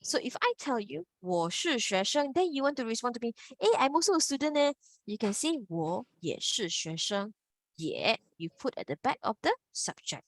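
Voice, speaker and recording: A woman's voice: on the high side, very animated, moderate pace, no echo. A woman teacher, patiently explaining grammar over a video call and repeating key points. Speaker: Mandarin teacher. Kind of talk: online class teaching.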